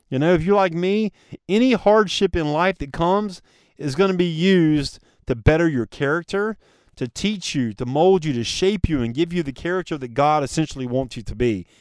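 A man's voice: on the high side, darkish tone, clean tone, no room sound, clean studio sound. A man hosting a solo motivational podcast, talking earnestly and casually to his listeners and calling them guys. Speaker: podcast host.

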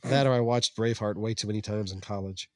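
A man's voice: on the low side, fairly even intonation, quick pace, dry recording, studio quality. A man co-hosting a casual podcast, reading listener comments, laughing often and tripping over his own restarts. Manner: laughing and self-deprecating, stumbling over restarts.

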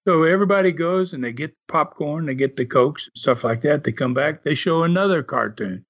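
Older Southern man with a drawl, slightly high voice, a chuckling, chatty storyteller, dull lo-fi audio. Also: brisk, a bit bright. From American South. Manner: chatty, chuckling, many "uh" fillers. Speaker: former wrestler telling stories. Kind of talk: casual storytelling.

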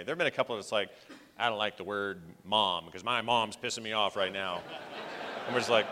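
A man's voice: fairly low pitch, slight background noise. A man hosting a live panel, joking and calling on audience members in a large hall. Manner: lively, joking, calls on people. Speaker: podcast host running a live panel Q&A.

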